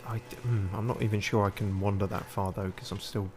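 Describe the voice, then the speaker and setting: Male streamer, lowish voice, wry muttered gameplay commentary. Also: little pitch movement, brisk, darkish tone, soft background music. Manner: wry, self-mocking muttering to himself. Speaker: game streamer.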